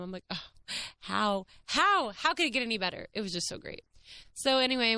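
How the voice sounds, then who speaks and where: Gushing young woman, smooth voice. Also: mid-range voice. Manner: gushing, excited, peppered with "like" and "what is happening". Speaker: podcast host. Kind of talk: casual storytelling monologue.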